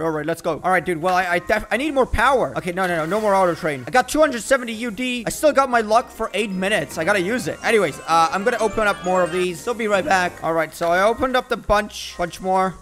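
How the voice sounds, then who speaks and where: High-voiced excitable gamer guy. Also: fast, faint music behind. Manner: excitable, jokey, trash-talking. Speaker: gaming YouTuber. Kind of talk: let's-play commentary.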